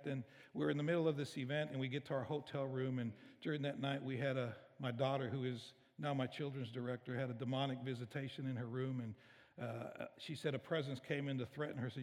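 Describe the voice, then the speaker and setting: A man's voice: medium pitch, darkish tone. A middle-aged male pastor, preaching a sermon in a conversational, storytelling way that turns emotional. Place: church sanctuary. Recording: reverberant church hall.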